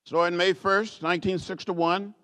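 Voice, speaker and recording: An older man from rural Alabama, giving a measured, rhythmic speech with repeated phrases, like a preacher. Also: high-pitched, fairly even intonation, sharp tone. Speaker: guest speaker at a library author event. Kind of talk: oratorical storytelling speech.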